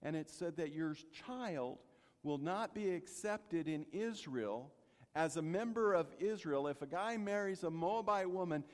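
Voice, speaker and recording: A male preacher delivers a sermon with animated storytelling, turning often to the congregation with asides and questions. His voice sits a bit high for a man. It rings out in a large hall with a long echo. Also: unhurried.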